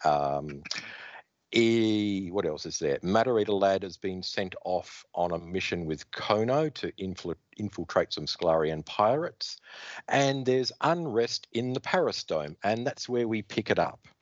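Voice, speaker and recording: Brief: low-voiced podcast host narrating comic panels, lively and expressive. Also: male voice, unhurried, dry recording. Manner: reads out credits and panels, animated storytelling. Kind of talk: casual comic book discussion. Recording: dull dry sound.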